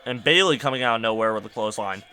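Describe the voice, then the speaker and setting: A young man hosting a podcast, ranting casually and with exasperation, his voice climbing to near-shouts. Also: lowish voice, rapid-fire, smooth. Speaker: podcast host.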